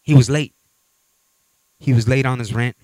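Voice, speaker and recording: A man's voice: mid-range voice, fairly even intonation, normal speed, darkish tone, no room sound, low-quality recording. A man pastor preaching a sermon, telling a story with repeated phrases and building to exhortation.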